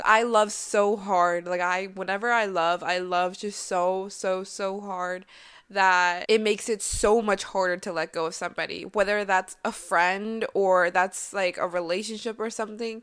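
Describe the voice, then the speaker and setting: A woman's voice: medium pitch, fairly even intonation, unhurried, fairly bright tone, smooth. A young woman vlogger giving earnest, chatty life advice, with lots of fillers. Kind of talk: casual heartfelt advice vlog.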